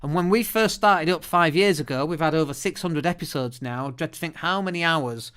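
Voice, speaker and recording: Chatty British man with a smooth voice. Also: on the high side, a little fast. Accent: British English. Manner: chatty, lively, often restarts words. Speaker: podcast host. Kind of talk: solo podcast monologue. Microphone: studio microphone.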